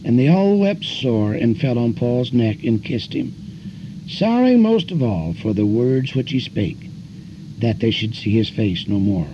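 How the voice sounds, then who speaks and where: An older man preaching as an evangelist, telling folksy stories and pushing his voice sharply higher on emphasis. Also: expressive, unhurried, noisy background. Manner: folksy storytelling preacher, voice climbing high in emphasis. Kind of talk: sermon. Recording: dull lo-fi recording with faint music.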